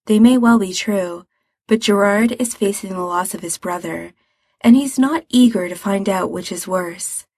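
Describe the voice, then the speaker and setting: A woman reading a story aloud as narrator, in an even, measured manner. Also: mid-range voice, husky, dry recording. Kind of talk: reading fan fiction aloud.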